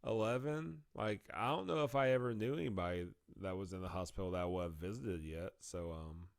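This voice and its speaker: A man tells a story in casual podcast chat. His voice sits a little low and sounds dry and close. He laughs through the story and slips into the voices of the people he quotes. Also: brisk, creaky, clean tone, no room sound. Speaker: podcast co-host.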